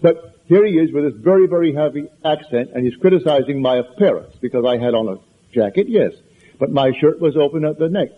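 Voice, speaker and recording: A man with an accent gives a conversational spiritual lecture, telling anecdotes and repeating points for emphasis. His voice is husky and sits a little high. It comes through a thin, lo-fi, phone-like recording. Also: expressive, fairly quick. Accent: foreign accent.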